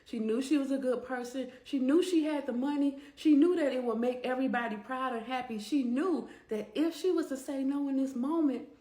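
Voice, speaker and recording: A woman narrating a storytime vlog in an animated, conversational way. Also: high-pitched, a little fast, few pauses. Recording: echoey room.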